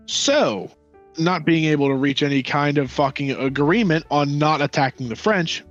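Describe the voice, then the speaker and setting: A man's voice: a little high, moderate pace. A man in a casual history chat, profane and sarcastic, acting out nations in mocking quoted voices. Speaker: podcast co-host. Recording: dull lo-fi sound with faint music.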